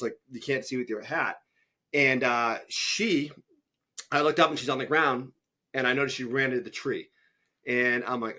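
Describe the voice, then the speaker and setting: A man's voice: mid-range voice, fairly bright tone. Blunt swearing man hosting a podcast. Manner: blunt, swears freely, acts out his own reactions in quotes. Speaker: podcast host. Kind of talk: casual conversation.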